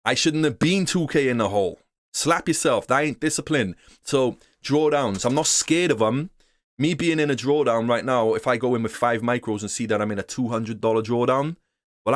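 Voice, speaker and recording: A man's voice: mid-range voice, dry recording, clean studio sound. Swearing slangy man teaching trading. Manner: profane, slangy, acts out traders' voices. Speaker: trading course instructor. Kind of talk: casual unscripted teaching.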